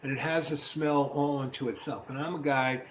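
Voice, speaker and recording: A man telling a rambling personal story in a casual, animated way, acting out what people said. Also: medium pitch, normal speed. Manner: rambling, animated, acts out quotes. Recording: roomy with faint ambient noise.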